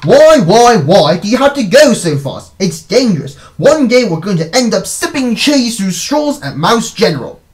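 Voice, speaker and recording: A man voicing a fussy, nervous male mouse who is the big brother in a storybook, shrill and easily panicked. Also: big pitch swings, moderate pace, a little mellow. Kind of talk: storybook character voice.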